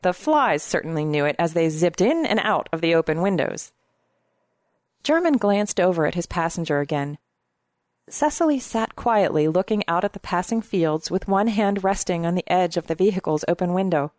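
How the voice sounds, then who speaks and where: A woman narrating a novel in a steady, measured storytelling manner. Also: on the low side, no echo, studio quality. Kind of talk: audiobook narration.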